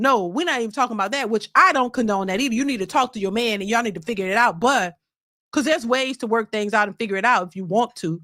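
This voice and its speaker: Emphatic, high-voiced woman ranting. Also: fast, fairly bright tone, no echo, studio quality. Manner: emphatic, profane, repeats words while ranting. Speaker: host. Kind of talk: casual reaction commentary.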